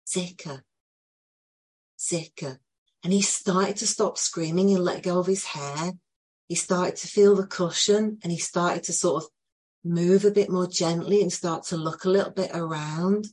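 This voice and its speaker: A woman telling an emotional personal story to a group, earnest and full of pauses. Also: on the low side, fairly even intonation, darkish tone. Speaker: group participant sharing a story.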